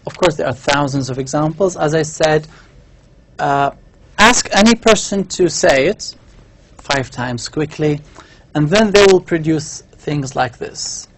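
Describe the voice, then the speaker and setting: A man with a slightly high, animated voice speaks a little slowly while giving a university lecture. He explains things step by step, writing on a board as he talks and often checking in with the class.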